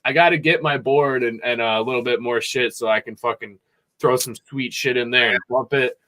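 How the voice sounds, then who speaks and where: A young man hosting a podcast from a home music room, chatting casually in a rambling, excitable way and swearing a lot. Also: medium pitch, brisk. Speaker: podcast host. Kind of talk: casual chat.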